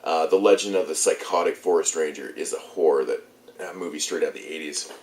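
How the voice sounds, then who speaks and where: A man's voice: rumbling low, steady tone, brisk, a little mellow, reverberant. A young man with a stuffed-up, congested voice, casually rambling through a movie review with loose, swearing chat.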